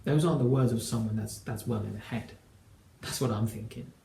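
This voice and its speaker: A young man in his twenties tells a personal story with earnest emphasis, acting out bits of dialogue. His voice is warm and mellow with a gravelly edge. The sound bounces around an echoey room. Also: lowish voice, brisk, slight background noise. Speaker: relationship coach.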